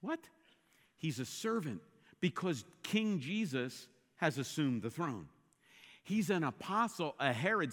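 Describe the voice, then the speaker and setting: A man delivers a sermon with a high, bright voice that swings widely in pitch. He builds to forceful, emphatic repetitions. The sound carries a long reverb, as in a large hall. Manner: animated preaching, rising to emphatic repeated exclamations. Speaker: pastor.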